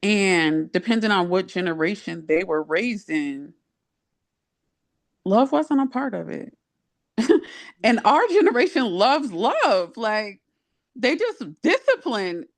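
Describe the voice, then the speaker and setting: A woman talking thoughtfully in a personal conversation, working through her ideas out loud. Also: medium pitch, big pitch swings, takes it slowly, pauses often. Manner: thoughtful, searching, speaks from personal experience. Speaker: guest.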